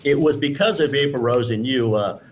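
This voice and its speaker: A man's voice: mid-range voice, normal speed, slight background noise, low-quality recording. A man, a guest on a radio show, chatting casually and effusively, rambling with restarts and praise. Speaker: guest presenting T-shirts.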